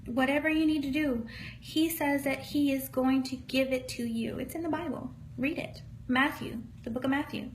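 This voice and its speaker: High-voiced, earnest woman psychic medium. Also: steady tone, moderate pace, a little hiss or hum, low-quality recording. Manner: earnest, encouraging, folksy, calls listeners honey. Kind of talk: live-streamed spiritual reading, casual.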